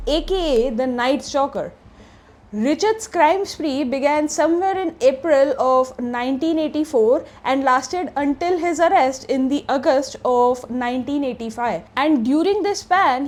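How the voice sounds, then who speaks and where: A woman's voice: high-pitched, darkish tone. A woman retelling a true crime story in a casual, chatty way, slipping into present tense and fillers.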